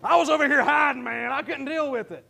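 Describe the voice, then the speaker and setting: A pastor with a Midwestern American accent preaching a fervent sermon, often breaking into shouts and calling out to his congregation. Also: very high voice, quick pace, creaky.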